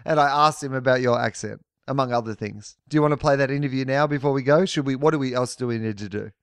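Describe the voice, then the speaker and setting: A man's voice: mid-range voice, fast, clear, resonant tone, dry recording. A man co-hosting a sports podcast, chatting casually and rambling through his questions. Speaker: podcast co-host. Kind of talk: casual chat, mock interview.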